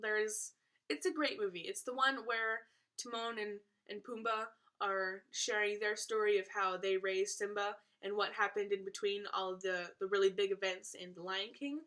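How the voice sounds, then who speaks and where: A woman's voice: medium pitch, little pitch movement, moderate pace, fairly bright tone. A teenage girl chatting casually to camera as a vlogger, playful and self-aware with little asides. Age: teens.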